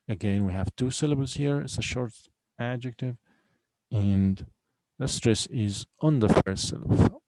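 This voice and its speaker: This teacher's voice is medium-pitched and mellow, with a measured pace, in a dry, rough recording. During a recorded online lesson, he patiently repeats each vocabulary word and breaks it into syllables, clearly stressing them to drill the stress.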